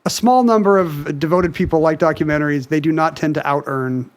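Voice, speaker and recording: Male podcast co-host, higher-pitched voice, quick and wry, lays out facts between jokes. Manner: quick, joking, explains at length. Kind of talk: casual chat.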